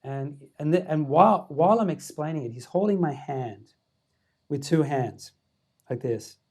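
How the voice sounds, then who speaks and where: A man who is a meditation teacher, telling a story as a podcast guest in an animated way, laughing often. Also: on the high side, measured pace. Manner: animated, many fillers and restarts, laughing often.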